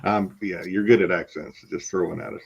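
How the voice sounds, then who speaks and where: A man co-hosting a casual chat show, rambling and teasing with many pauses. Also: sits low, fairly even intonation, gravelly, slightly rough, highs cut off. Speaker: podcast co-host.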